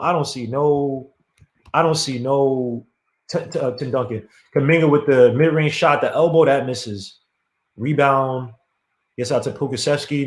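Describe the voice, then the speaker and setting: Male podcast host, casual live play-by-play, frustrated and rambling, mid-pitched voice in a roomy space. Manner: frustrated, apologetic, rambling with many fillers. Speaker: podcast host streaming a game watch. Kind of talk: casual live game commentary. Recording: echoey room.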